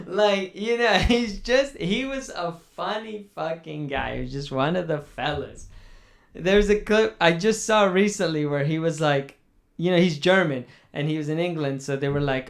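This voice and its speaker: A man's voice: on the high side, normal speed, vocal fry. Rambling young man, swearing as he vents. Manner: rambling, profane, mock-mournful. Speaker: podcast host. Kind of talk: casual chat.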